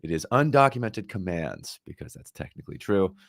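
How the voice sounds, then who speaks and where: Low-voiced guy hosting a tech podcast, chatty, laughs a lot, dry close sound. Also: big pitch swings, fairly quick, vocal fry, dry recording. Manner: upbeat, laughs often. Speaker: podcast co-host. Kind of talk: casual tech chat.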